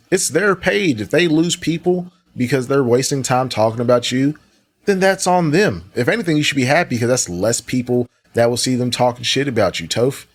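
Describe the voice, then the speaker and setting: A man doing reaction commentary, sarcastic and exasperated, swearing freely as he pushes back on a streamer's clips. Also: mid-range voice. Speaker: commentary host.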